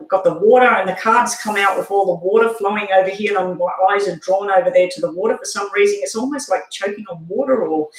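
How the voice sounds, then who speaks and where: Live-stream tarot reader, mid-pitched, unhurried and halting, lots of filler, echoey room sound. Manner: halting, with frequent ums. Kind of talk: live tarot reading to a viewer.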